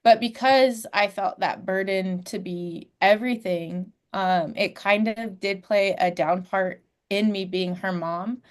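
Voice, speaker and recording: A woman's voice: mid-range voice, a little slow, hardly any pauses. A woman, a podcast guest in her twenties, telling her life story in a candid, heartfelt way with frequent fillers. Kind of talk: personal storytelling.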